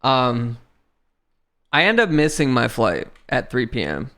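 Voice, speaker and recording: Young man, casual livestream rant, smooth clear voice, lots of swearing. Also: medium pitch, measured pace. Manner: swearing, animated retelling with laughs. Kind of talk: casual storytelling chat.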